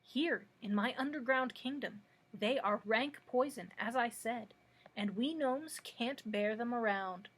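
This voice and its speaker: A woman voicing a small, hot-tempered male gnome king who blusters and yells, in a husky voice. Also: on the high side, unhurried. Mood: blustering. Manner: blustering, yelling.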